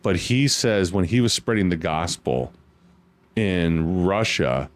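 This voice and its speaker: Earnest, fairly low-voiced man talking faith. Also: slow. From United States. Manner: earnest, animated storytelling with restarts. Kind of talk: casual faith chat.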